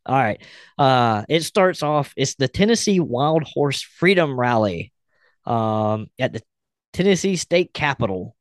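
A man's voice: medium pitch, animated, unhurried, no echo, clean studio sound. A man hosting a podcast, chatting casually and reading a post aloud with blunt, wry remarks. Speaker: podcast host.

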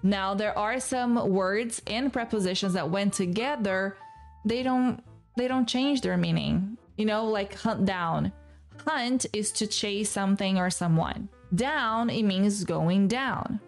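A woman teaching an English lesson, taking her explanations apart step by step and repeating the key words patiently. Her voice sits at a middle pitch, with soft music faintly underneath. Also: slow.

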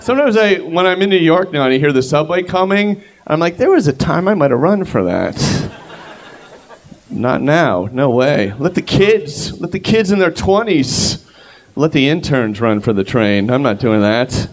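A man's voice: on the high side, animated, normal speed. A middle-aged man telling a self-mocking personal story on stage before a live audience. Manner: rambling, self-mocking, conversational.

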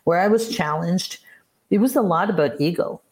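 A woman's voice: lowish voice, normal speed, darkish tone. A woman in her sixties, a business coach, telling personal stories in an earnest, reflective way as a podcast guest. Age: 60s. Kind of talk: podcast interview, storytelling.

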